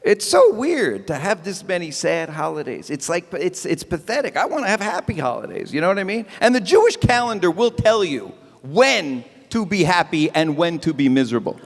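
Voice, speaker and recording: Guy doing standup, high lively voice, chatty and self-mocking, echoey big hall. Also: moderate pace, creaky. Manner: animated, chatty, self-mocking, acts out bits. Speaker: stand-up comedian. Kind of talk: stand-up comedy set. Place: event hall with live audience. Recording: long hall reverb.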